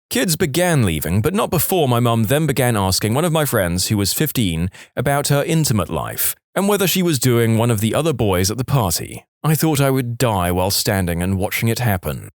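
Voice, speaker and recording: Lively, matter-of-fact male story narrator. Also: mid-range voice, no echo, studio quality. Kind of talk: scripted narration of reader stories.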